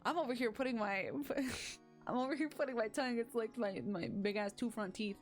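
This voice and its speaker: A woman's voice: on the high side, fairly quick, faint music behind. A woman streaming a game, chatting in a giggly, rambling, self-mocking way. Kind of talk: casual game-stream commentary.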